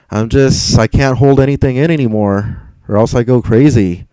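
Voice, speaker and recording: A frustrated young man rambles through a live stream, answering his chat and tripping over repeated words. His voice is dark and smooth, recorded dry and close. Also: mid-range voice, normal speed, hardly any pauses, dry recording, rough recording.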